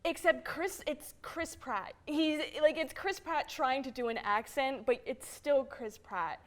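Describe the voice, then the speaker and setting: A woman with a higher voice speaks on a casual panel. She argues her point emphatically, with lots of filler words. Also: measured pace. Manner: emphatic and animated, many fillers.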